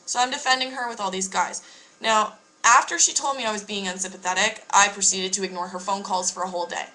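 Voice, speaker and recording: A woman's voice: mid-range voice, steady tone, fast talker, sharp tone, low-quality recording. A young woman casually telling a story to camera, candid and emphatic, swearing freely. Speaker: vlogger.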